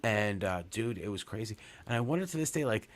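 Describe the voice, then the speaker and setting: A man's voice: on the low side, animated, a little fast. A man in his forties from Long Island, telling a rambling, profane story on a comedy podcast, full of fillers and restarts. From Long Island, New York. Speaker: podcast co-host.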